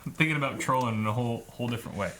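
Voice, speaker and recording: A man's voice: mid-range voice, rapid-fire, a bit bright, slight background noise. A playful man in his early thirties co-hosting a livestream. He keeps the chat loose and jokey, trailing off and restarting as he talks. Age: 30s. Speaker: co-host.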